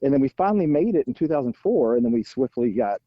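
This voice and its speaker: Animated man on a lo-fi line. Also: medium pitch, fast talker, no echo. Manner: animated, self-deprecating storyteller with rising exasperation. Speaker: podcast guest. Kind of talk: casual chat. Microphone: phone while out walking.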